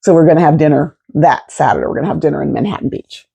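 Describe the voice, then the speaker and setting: A woman in her fifties telling a personal story to camera in an animated, expressive way, swearing freely. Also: deep voice, racing, gravelly, breathy edge. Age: 50s. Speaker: vlogger.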